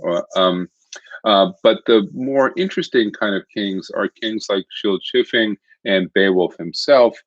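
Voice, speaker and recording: A man with a very low voice gives a recorded literature lecture. He talks in a conversational way, explaining ideas step by step. The sound is dry and dull, like a lo-fi home recording. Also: measured pace, no room sound.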